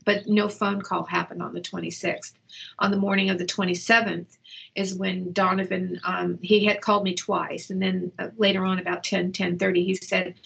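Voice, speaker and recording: A middle-aged woman speaking at home in an interview, giving a halting, emotional personal account with many restarts, shaken and upset. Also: on the low side, level tone, creaky, fairly bright tone, breathy edge, poor audio. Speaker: interview guest, mother. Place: indoors at home.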